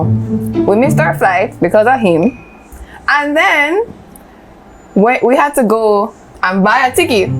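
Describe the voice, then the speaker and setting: A woman recounts a story in a loose, chatty way, laughing now and then. Music plays clearly under her voice. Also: fairly high pitch. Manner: chatty, laughing while telling. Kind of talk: casual storytelling.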